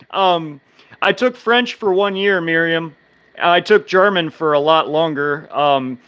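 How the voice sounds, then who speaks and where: Halting, rambling man chatting on stream. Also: fairly high pitch, animated, fairly bright tone, clean tone. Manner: halting, many restarts and fillers, speech slurs when fast. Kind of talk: casual live-stream chat.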